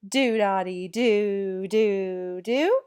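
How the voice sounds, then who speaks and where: A woman's voice: medium pitch, very slow, darkish tone, clean tone. A woman teacher recording a music lesson at home, chanting rhythm syllables and talking straight to the children watching.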